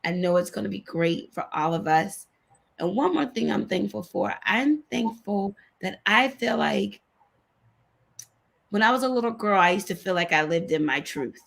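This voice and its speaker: A woman talks in a heartfelt, casual way, her voice carrying a gravelly edge. She sounds sincere and close to tears, circling back over the same words. It comes across as a video call chat. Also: medium pitch, expressive, normal speed, a bit bright. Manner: emotional, sincere, repeats herself. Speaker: co-host of a women's online talk show.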